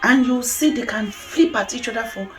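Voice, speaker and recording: A woman's voice: fairly high pitch, normal speed, over music. A middle-aged woman from Nigeria with a Nigerian accent, talking candidly in a casual video monologue, laughing often. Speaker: vlogger.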